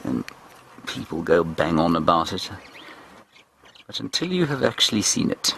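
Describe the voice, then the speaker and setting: Male live-show host, very deep voice, wry and enthusiastic, faint noise behind. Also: gravelly. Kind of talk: studio linking commentary.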